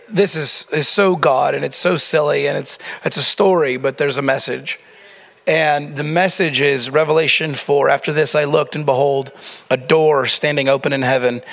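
A man's voice: fairly high pitch, gravelly, fairly bright tone. Preaching man in an echoey church. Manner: earnest preaching, repeats phrases, asks "right?". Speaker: pastor. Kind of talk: sermon.

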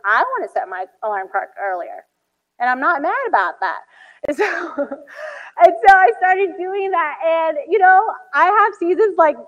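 A woman in her thirties preaching a sermon, telling stories animatedly with acted-out quotes and many "like"s. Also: sits high. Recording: dull hall recording.

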